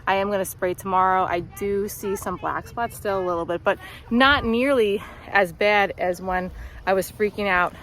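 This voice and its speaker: A woman's voice: mid-range voice, moderate pace, fairly bright tone, low-quality recording. Chatty woman out of breath outdoors. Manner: chatty, upbeat, talking while walking the rows. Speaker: flower farmer. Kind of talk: casual walk-through vlog. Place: outdoors on a flower farm.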